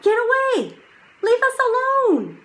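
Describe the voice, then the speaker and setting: A woman reading aloud, voicing a brave young boy who yells loudly and fiercely. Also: animated, normal speed. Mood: shouting fiercely. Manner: loud shouting, high and strained.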